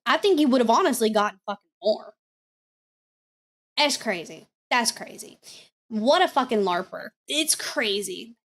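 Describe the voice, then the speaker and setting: A woman's voice: on the high side, animated, unhurried, a bit bright. A woman streaming live, chatting casually and bluntly with lots of swearing and repeated phrases. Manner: blunt and profane, repeats herself. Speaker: streamer reacting to clips.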